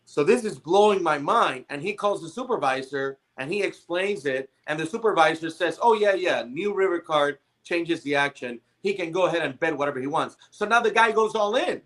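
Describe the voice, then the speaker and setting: Man with a higher voice, animated casual retelling. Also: fairly quick, hardly any pauses. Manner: animated, quotes dealers and players. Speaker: poker podcast panelist. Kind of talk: casual storytelling.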